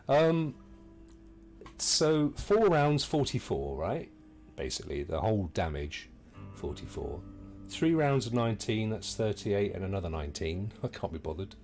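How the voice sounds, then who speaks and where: A man's voice: lowish voice, big pitch swings, unhurried, pauses often, darkish tone, soft background music. Middle-aged Englishman casually commentating a game. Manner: chatty and jokey, talks to viewers. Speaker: game streamer. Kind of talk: casual let's-play commentary.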